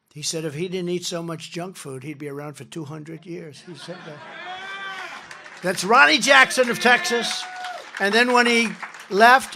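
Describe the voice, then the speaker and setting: A man's voice: high-pitched, vocal fry, pushed and bright, a little hiss or hum. A man in his seventies giving a rambling, boastful campaign speech from a podium at a large rally. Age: 70s. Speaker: political candidate. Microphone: podium mic.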